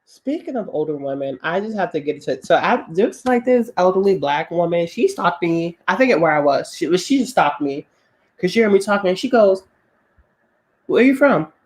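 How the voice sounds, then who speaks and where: A woman's voice: fairly low pitch, brisk. A woman from Boston with a Boston accent and a slight Southern drawl, co-hosting a casual chat and telling candid stories, acting out other people's lines as she goes. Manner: candid, animated storyteller acting out quoted voices. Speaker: podcast co-host.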